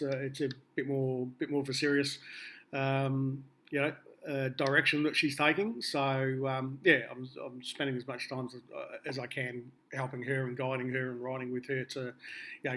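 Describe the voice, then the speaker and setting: A man's voice: mid-range voice, little pitch movement, normal speed, bright, forceful tone, slight background noise. An Australian man being interviewed, telling rambling anecdotes with a laugh. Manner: rambling, laughing storyteller with many fillers. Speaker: musician guest.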